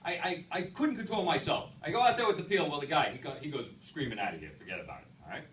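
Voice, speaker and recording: A man voicing a hot-tempered middle-aged pizzeria owner with a New York accent, loud and stubborn, repeating himself. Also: a little high, expressive, fast. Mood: angry. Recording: echoey room, far mic, background noise.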